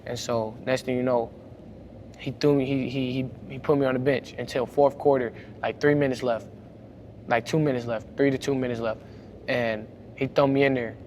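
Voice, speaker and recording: A young man, telling a story about a high school basketball game in casual talk, growing loud when he replays arguments. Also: normal speed. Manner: animated, gets louder retelling arguments. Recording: faint background noise.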